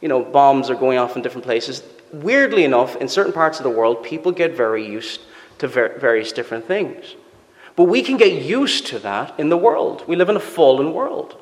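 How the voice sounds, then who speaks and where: A man's voice: mid-range voice, very animated, moderate pace. A man preaching a sermon in an earnest, emphatic way, asking his listeners rhetorical questions. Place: church. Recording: long church reverb.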